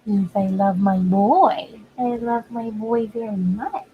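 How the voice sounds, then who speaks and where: A woman's voice: medium pitch, slow. A woman cooing baby talk to her dog at home. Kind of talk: talking to a pet. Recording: tinny phone-like audio with faint noise.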